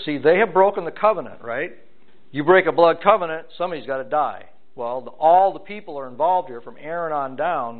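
Animated male Bible teacher, tinny sound. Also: a little high. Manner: animated, voices the characters of the passage, often repeats words. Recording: tinny phone-like recording.

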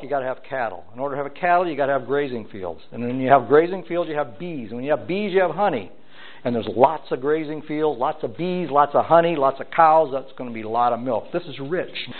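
A man preaching an expository sermon, reading scripture aloud and then explaining it in plain, conversational terms. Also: a little high. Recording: tinny phone-like lo-fi audio.

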